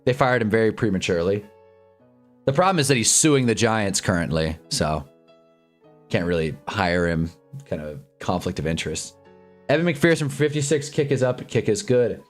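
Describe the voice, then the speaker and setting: A man hosts a live football stream, rambling through casual commentary, reading chat and getting loud and excited over big plays. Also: on the low side, moderate pace, faint music behind.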